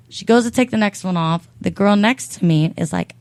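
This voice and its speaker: A woman tells a comedic story in a loud, animated and profane way, slipping into voices for everyone in it. Her voice is recorded dry and close, with no room sound. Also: mid-range voice, brisk, hardly any pauses, no echo.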